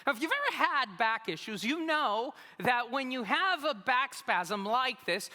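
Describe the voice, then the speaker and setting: Male pastor, animated and humorous preacher, very expressive pitch, echoing sanctuary. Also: unhurried. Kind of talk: sermon. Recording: long reverb of a large hall.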